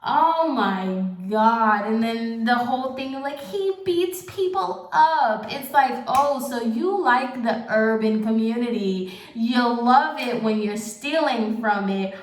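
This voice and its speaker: A young woman vlogger ranting in casual commentary, exasperated and sarcastic. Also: fairly high pitch. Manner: exasperated, sarcastic, fast asides. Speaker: beauty vlogger. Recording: echoey room.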